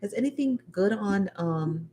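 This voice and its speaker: A woman's voice: mid-range voice, expressive, unhurried, mellow, slight background noise. A woman hosting a casual livestream after show, chatty and a little tired, greeting viewers and reading their comments aloud. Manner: chatty, laughing, reads out chat comments. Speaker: livestream host.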